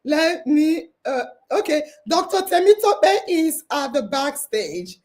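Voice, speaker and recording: A woman hosting a live online hangout, excited and tearful, laughing as she reads out listener comments. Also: high-pitched, slow pace, hardly any pauses. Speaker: podcast host.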